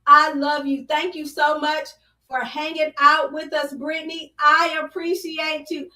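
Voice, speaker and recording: A woman's voice: high-pitched, little pitch movement, unhurried, pushed and bright, far from the mic. A woman hosting a live show, chatting casually and exuberantly greeting viewers by name, now and then breaking into song. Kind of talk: casual live-stream chat. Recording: roomy echo, voice somewhat off-mic.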